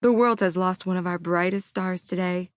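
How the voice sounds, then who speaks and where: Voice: medium pitch, steady tone, normal speed, clear, resonant tone, no room sound, studio quality, lightly acted. A woman reading as a somber radio co-host. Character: morning radio news co-host.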